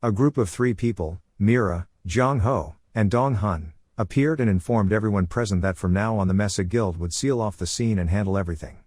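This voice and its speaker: A man with a lowish voice reads a comic recap in a steady, even narration. The recording is dry and close, with no room sound around him. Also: a little fast, few pauses, no echo.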